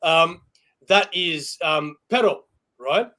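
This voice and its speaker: A man with a high-pitched voice tells a story to friends on a casual podcast. He is animated and laughs easily. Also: takes it slowly. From Australia. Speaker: podcast co-host. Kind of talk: casual chat.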